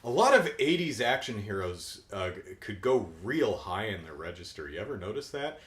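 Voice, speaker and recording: A deep-voiced middle-aged man talks through a cartoon episode in a loose, keyed-up way. His low voice swings widely in pitch as he chats. The room around him sounds echoey. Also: moderate pace. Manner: animated, keyed-up, jumps into silly voices. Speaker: podcast host. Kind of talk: casual reaction commentary.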